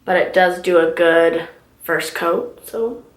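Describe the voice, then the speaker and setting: A woman's voice: fairly low pitch, takes it slowly. A young woman telling a story in casual, filler-filled chat while doing her makeup at home. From California, US. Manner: chatty, filler-heavy storytelling. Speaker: beauty vlogger. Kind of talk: casual get-ready-with-me chat. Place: room at home. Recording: roomy home recording.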